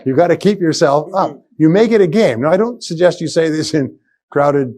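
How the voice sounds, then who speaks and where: At a motivational seminar, an older man with a slightly mellow, higher-pitched voice speaks to a live crowd at normal speed. Emphatic and repetitive, he keeps returning to key phrases and rises into punchy exclamations.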